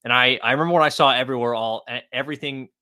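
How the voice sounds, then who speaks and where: A man co-hosting a sports podcast, chatting casually in an animated, joking way and swearing now and then. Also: medium pitch, very fast, clear, resonant tone, dry recording, studio quality. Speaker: podcast co-host.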